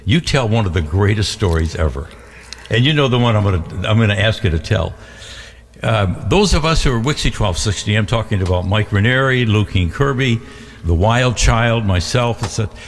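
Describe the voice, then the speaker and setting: Animated older man telling radio stories. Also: on the low side, in a large hall. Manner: animated, halting, with laughs. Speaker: veteran radio DJ guest. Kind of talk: casual storytelling chat. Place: radio studio.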